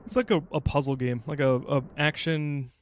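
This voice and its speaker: A man streaming a video game from home, chatting casually and reading game text aloud with quick asides. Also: a little high, fairly even intonation, a little hiss or hum. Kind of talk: casual gameplay commentary.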